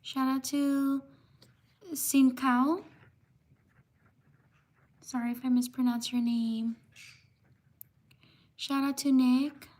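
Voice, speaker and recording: A woman hosting a livestream reads viewer names from the chat in a slow, unhurried way. Her voice sits high and stays level, with little rise and fall, and she pauses between each shout-out. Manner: slow, steady shout-outs, apologizing for mispronouncing names. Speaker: livestream host.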